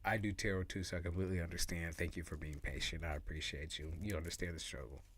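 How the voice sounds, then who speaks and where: A man's voice: deep voice, steady tone, quick pace, a bit bright, a little hiss or hum. A man giving casual, slangy tarot readings on a live stream, laughing often and repeating his points. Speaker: tarot reader.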